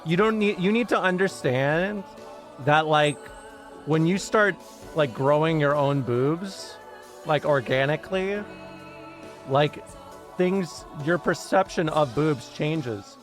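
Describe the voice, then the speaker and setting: A woman's voice: low voice, slow pace, soft background music. A woman streamer in casual livestream chat from a home setup, rambling, swearing and interrupting herself with frequent laughs.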